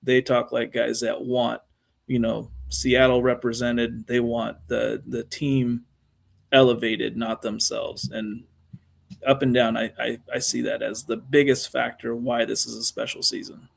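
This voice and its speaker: A man's voice: mid-range voice, little pitch movement, unhurried, gravelly. A man co-hosting a casual sports talk show, rambling through his points with many fillers and restarts. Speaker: co-host.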